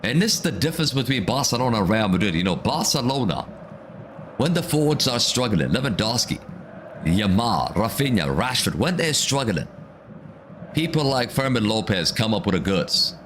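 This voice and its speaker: A man doing live football reaction commentary as a watch-along streamer, excitable and ranting, often repeating himself. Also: fairly low pitch, moderate pace, slight background noise.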